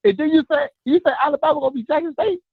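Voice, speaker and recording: A man calling in to a live sports show, loud and teasing, talking over the host. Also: very high voice, racing, no echo, narrow, tinny audio. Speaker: caller. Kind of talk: casual sports banter on a call.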